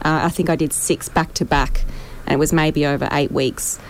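An Australian woman with a lowish voice chats loosely about her work, rambling a little and laughing at herself. She sounds relaxed and down to earth. There is a faint hiss of noise behind her. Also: moderate pace. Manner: chatty, self-deprecating, laughs often. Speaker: artist guest. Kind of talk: casual podcast chat.

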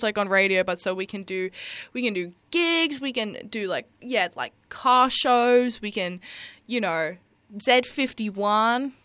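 A woman's voice: mid-range voice, a bit bright, clear, resonant tone, no room sound. A young woman hosting a community radio show, talking in a rambling, giggly way full of "like". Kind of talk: casual radio chat.

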